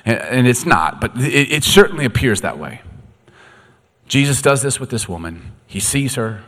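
A man preaching a sermon, dramatic and swinging from quiet to loud, in a long echoey hall. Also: mid-range voice, animated, moderate pace. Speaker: pastor.

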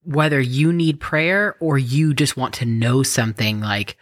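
A woman co-hosting a casual faith chat, animated, jumping in and acting out little quotes. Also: extremely low pitch, unhurried, no room sound, clean studio sound. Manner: animated, jumps in, acts out quotes.

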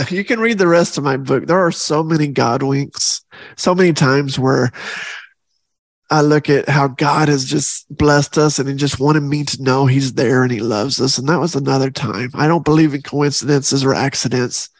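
A man's voice: mid-range voice, moderate pace, no room sound. Earnest man, close and dry. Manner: earnest, heartfelt, repeats phrases for emphasis. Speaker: podcast host. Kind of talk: faith podcast monologue.

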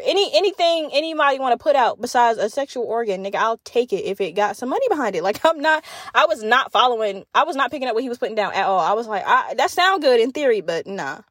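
A woman's voice: on the high side, a bit bright, no room sound, studio quality. A young woman hosting a podcast in casual chat, candid and profane, telling stories with lots of fillers. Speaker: podcast host.

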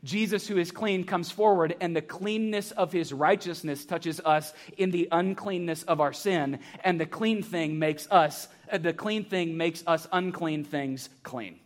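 A man preaching a sermon to a church congregation, animated and joking, asking the crowd rhetorical questions. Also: on the high side, unhurried, hardly any pauses. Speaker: pastor. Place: church sanctuary.

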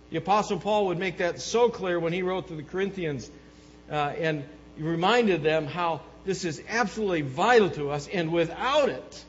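A male pastor preaching a sermon to his congregation, emphatic, swinging between loud bursts and low earnest passages. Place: church sanctuary. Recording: reverberant hall, muffled lo-fi sound with faint hum.

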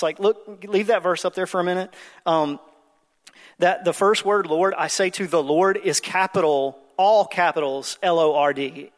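A man in his thirties preaching a conversational sermon as pastor, with frequent ums and uhs. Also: on the high side. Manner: conversational preaching with many fillers. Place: church sanctuary. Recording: long hall reverb.

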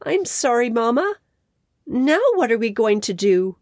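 A woman's voice: on the high side, very animated, a little slow, a little mellow, no echo, studio quality, pitched above the performer's own voice. Woman doing an eager little bear cub. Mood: earnest. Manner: earnest, childlike. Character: small eager young male bear cub.

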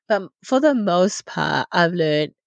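A woman's voice: medium pitch, sing-song, drawn-out words, darkish tone, no echo, highs cut off. A woman in her thirties hosting a solo parenting podcast, talking candidly and laughing at herself often. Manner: candid and confiding, laughs often, self-deprecating. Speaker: podcast host. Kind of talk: reflective solo podcast talk.

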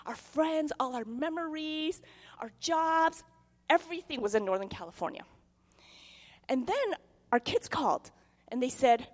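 A middle-aged woman pastor giving a testimony sermon, telling her story in an animated way and acting out the voices in it. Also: sits high. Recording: long hall reverb.

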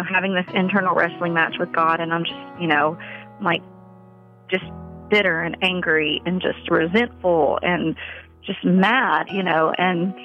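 A woman speaking in an interview as a mother, earnest and halting, with many fillers, on slightly muffled audio. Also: fairly low pitch. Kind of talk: emotional personal interview.

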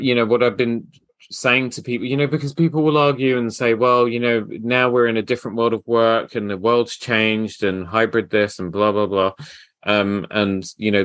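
Man, podcast host, tailor, relaxed storyteller, fairly low voice. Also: dry recording. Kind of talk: casual interview chat.

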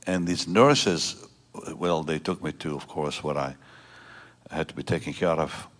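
Deep-voiced pastor in his seventies. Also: steady tone, a bit bright. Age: 70s. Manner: emotional storytelling with halting restarts. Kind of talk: prayer and personal testimony sermon. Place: church service before a congregation.

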